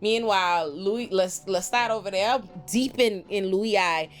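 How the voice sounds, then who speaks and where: A woman recapping a TV show in casual, profane, animated speech, slipping into mocking voices for the characters. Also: medium pitch, a little slow, faint music behind. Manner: animated, profane, mimics characters in quoted bits. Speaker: pop culture commentator.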